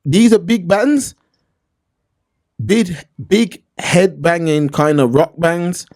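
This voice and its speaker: A man talks through a topic in a loose, conversational way, slipping into quoted voices as he goes. His voice sits a little high for a man. The sound is dry and close, no room echo. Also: slow. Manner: animated storytelling, acts out quoted voices. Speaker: podcast co-host. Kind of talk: casual discussion.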